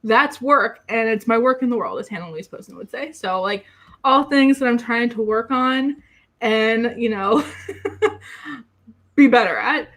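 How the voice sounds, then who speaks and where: A fairly high-voiced young woman talks casually to her livestream audience. She rambles and restarts her sentences with plenty of fillers, sounding excitable throughout. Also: measured pace. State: getting emotional. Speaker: YouTuber on a livestream.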